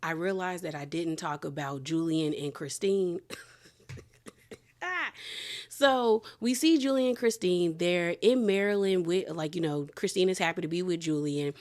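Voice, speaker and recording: A woman hosting a casual reality TV review, telling it in a chatty, colloquial, animated way full of slang. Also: fairly low pitch, unhurried. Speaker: reality TV recap host.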